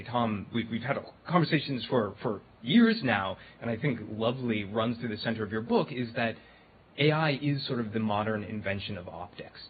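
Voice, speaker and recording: A man talks to a live audience in a loose, chatty way, full of ums and likes. The recording sounds thin and phone-like, with faint background noise. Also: mid-range voice. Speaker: guest speaker on AI and animal communication. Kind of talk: casual live talk. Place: event hall before an audience.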